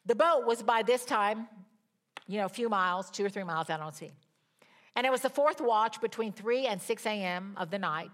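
A woman preaching a sermon, retelling a scripture story with animated emphasis and pauses. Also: on the high side.

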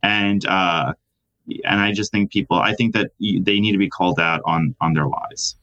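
A man talking as a reporter guest in a casual interview, indignant and halting, with many restarts. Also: low-pitched, fairly even intonation, sharp tone, highs cut off. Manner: hesitant, full of restarts, indignant.

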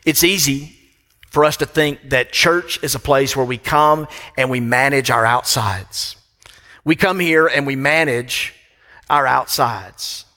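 In a church sanctuary, a middle-aged pastor preaches from the pulpit in a slightly high voice that sounds pushed and bright, delivered unhurriedly. Emphatic, he repeats phrases to drive them home. The recording carries the long reverb of a church hall.

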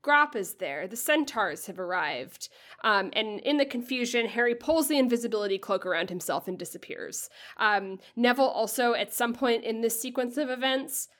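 A woman's voice: a little high, expressive, moderate pace, fairly bright tone. A woman co-hosting a casual book podcast, summarizing a chapter in a chatty, filler-heavy way and tossing off breezy mock quotes. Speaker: podcast co-host.

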